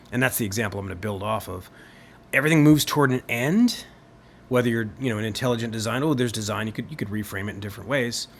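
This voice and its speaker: A man lectures with real animation, his pitch rising and falling widely as he stresses each point. He throws rhetorical questions at his listeners. A faint hiss sits under the recording. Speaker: theology lecturer.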